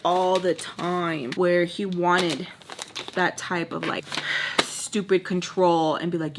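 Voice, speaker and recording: A woman chatting through a storytime while doing her makeup, animated and acting out other people's lines. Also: fairly low pitch, slow, noisy background. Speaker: beauty vlogger telling stories. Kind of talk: casual storytime chat.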